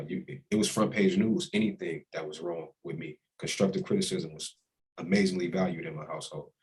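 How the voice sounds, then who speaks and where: A young man, a college quarterback, speaks as a guest in a casual interview with a low, slightly mellow voice. He sounds heartfelt and reflective, talking with real emotion. The recording quality is poor.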